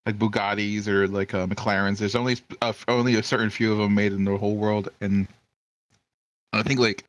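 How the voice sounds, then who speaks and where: A man's voice: on the low side, level tone, a little fast, no room sound. A man hosting casual podcast banter, rambling with lots of "like" and swearing freely.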